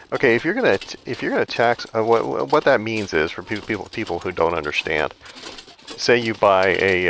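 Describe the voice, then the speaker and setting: A man's voice: sits low, fairly bright tone, a little hiss or hum, rough recording. A man giving casual, rambling commentary while playing a survival game, ranting with frequent restarts. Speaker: gaming video creator.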